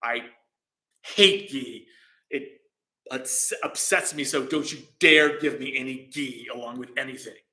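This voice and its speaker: A man voicing a hot-tempered ancient king within a dharma talk, with loud, shrill, indignant outbursts. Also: measured pace. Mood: disgusted. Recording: roomy echo.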